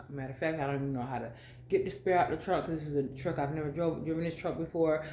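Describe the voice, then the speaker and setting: A woman vlogger telling a dramatic story in a casual, animated way, full of fillers. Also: deep voice, fairly quick, reverberant, slight background noise.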